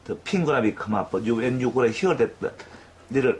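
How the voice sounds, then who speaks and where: A man giving a clinical demonstration lesson, talking in a halting way with frequent fillers and restarts. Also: mid-range voice, animated, a little hiss or hum. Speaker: dental instructor.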